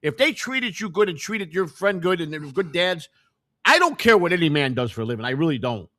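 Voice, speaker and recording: A man's voice: on the high side, fairly quick. A man hosting a casual conversation, talking emphatically and telling stories from his old neighborhood. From Chicago. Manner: emphatic, animated storytelling.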